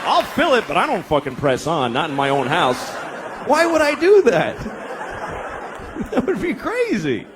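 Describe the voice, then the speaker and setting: A man's voice: high-pitched, a little slow, pauses often, crowd noise. A man doing a stand-up comedy routine, telling profane, exaggerated stories about married life into a stage mic. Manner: profane, exaggerated, animated storytelling. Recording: live show with audience and room noise.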